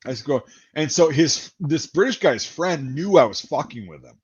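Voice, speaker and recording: A man's voice: a little high, expressive, normal speed, a little mellow, breathy edge, highs cut off. A man telling a rambling, profane story in casual chat, acting out the lines of the people in it. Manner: profane, rambling anecdotes with acted-out quotes.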